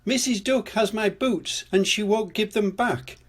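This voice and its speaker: An older man reading a storybook aloud, voicing an excited little girl piglet in a high, sing-song child voice. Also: unhurried. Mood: pleading.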